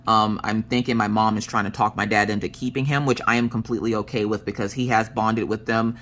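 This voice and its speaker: A woman in her thirties, a crafting vlogger, telling stories in a chatty, animated way with joking asides. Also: extremely low pitch, fast talker, hardly any pauses. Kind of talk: casual storytelling chat.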